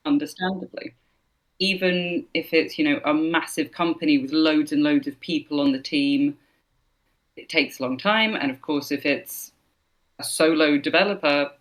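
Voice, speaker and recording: A woman's voice: low voice, moderate pace. A woman voice actor, a guest in an interview, chatting casually and telling anecdotes with restarts. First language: English. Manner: chatty storyteller, frequent restarts and laughs.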